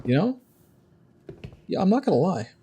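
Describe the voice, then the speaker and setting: A man's voice: high voice, big pitch swings, normal speed, warm tone, a little hiss or hum. A man streaming a video game, commenting casually, joking, swearing and talking to his chat. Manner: jokey, swears, talks to chat. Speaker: gaming streamer.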